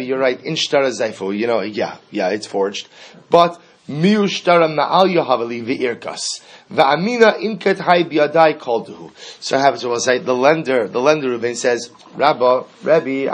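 A man's voice: mid-range voice, rough recording. A man teaching a Talmud class, explaining step by step and acting out the sages' exchanges.

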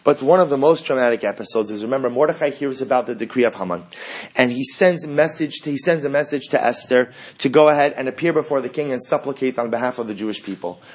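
Husky-voiced man teaching a Torah class. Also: mid-range voice, quick pace. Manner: animated, quotes Hebrew texts and translates them.

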